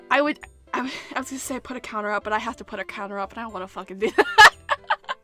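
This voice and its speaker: A young woman reads a visual novel aloud, breaking off to giggle, joke and curse at the characters. Her voice is bright and sits a little high. Faint music plays underneath. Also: big pitch swings, fairly quick. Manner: giggly, swears and jokes between lines. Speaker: gaming channel host.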